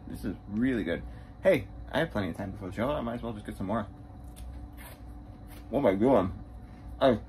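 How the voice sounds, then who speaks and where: A man on tour as a bassist, chatting straight to the camera in a casual travel vlog and poking fun at himself. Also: slight background noise. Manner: chatty, self-mocking, talks straight to camera. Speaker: touring bassist.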